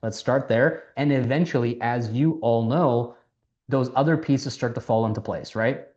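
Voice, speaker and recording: A man casually coaching people on sales, lively, acting out quoted conversations, and swearing now and then. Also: mid-range voice, moderate pace, highs cut off. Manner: animated, acts out quoted dialogue, swears casually. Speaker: mentor teaching sales.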